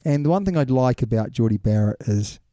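A man's voice: medium pitch, animated, brisk, dark tone, no room sound, studio quality. A man co-hosting a sports podcast in casual chat, teasing and laughing often. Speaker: podcast co-host.

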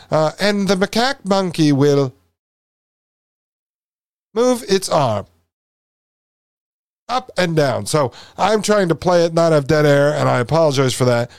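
A man's voice: mid-range voice, no echo, clean studio sound. A man hosting a podcast, commenting over a played video in an emphatic, insistent, repetitive way. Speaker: podcast host.

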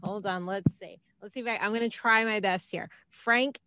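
A cheerful woman co-hosting a podcast, giggling as she chats. Her voice is bright and forward, recorded on a close, dry mic. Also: mid-range voice, fairly even intonation, moderate pace, clean tone, dry recording. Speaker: podcast co-host. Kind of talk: casual sports podcast chat.

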